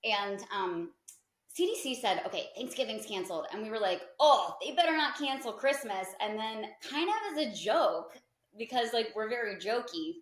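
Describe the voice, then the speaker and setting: A woman's voice: mid-range voice, moderate pace. A woman in her thirties, a podcast guest, telling a story in a chatty way, full of "like" and acted-out quotes. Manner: chatty, peppered with "like" and lively quoted asides. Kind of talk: casual storytelling in an interview. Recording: echoey room.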